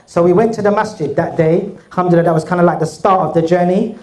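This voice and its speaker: Speaking fast in a steady, slightly mellow tone, an English guest speaker with a cold rambles through a casual story for an audience, chatting and performing the dialogue of others in a raised voice. Reverb colors the audio.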